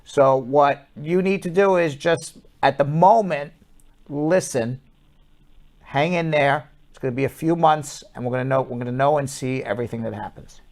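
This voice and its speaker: A man with a New York accent, an immigration lawyer hosting a call-in advice show, brisk and reassuring. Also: medium pitch, a little mellow. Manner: brisk, reassuring, talks over callers.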